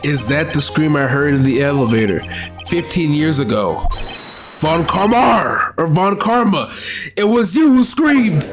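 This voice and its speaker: A young prosecutor from a courtroom game, as a man reads him, slow and accusing. Clear game music runs behind the voice. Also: on the high side, expressive. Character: young male prosecutor, cool turned accusing.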